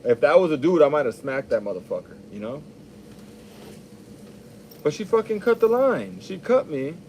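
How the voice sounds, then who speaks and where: A man's voice: on the high side, very animated, moderate pace, darkish tone, a little hiss or hum. A young adult man hosting a podcast, talking casually in a rambling, profane, laid-back monologue.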